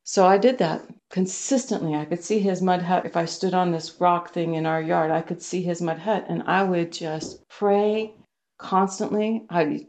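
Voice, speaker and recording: A woman's voice: on the low side, fairly even intonation, normal speed, darkish tone. A woman missionary sharing a personal testimony in an interview, telling her story earnestly and acting out the dialogue she quotes. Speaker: missionary guest.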